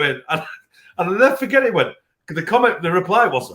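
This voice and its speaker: Northern English man, high lively voice, animated storyteller, swears a lot. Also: fast. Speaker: guest beer reviewer. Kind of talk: casual live-stream chat.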